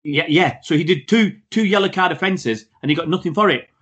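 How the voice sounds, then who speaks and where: A man's voice: on the high side, a little fast, fairly bright tone, breathy edge. A man, a podcast co-host, giving blunt and outspoken opinions in a casual football chat.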